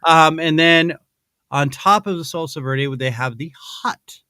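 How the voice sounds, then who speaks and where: Guy hosting a chat show, goofy ad read, keeps restarting, kinda high voice. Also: a little slow, sharp tone, clean tone, no echo. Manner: rambling, self-interrupting, playful. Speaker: podcast host.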